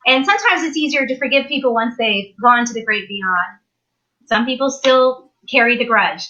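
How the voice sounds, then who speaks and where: A woman guest on a live talk show, telling a personal story in an animated way and acting out the people she quotes. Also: on the high side, a little fast, dull audio.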